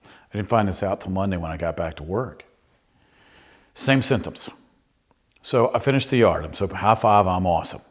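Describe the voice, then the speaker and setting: Man, middle-aged, pastor, low voice, self-mocking storytelling sermon, conversational.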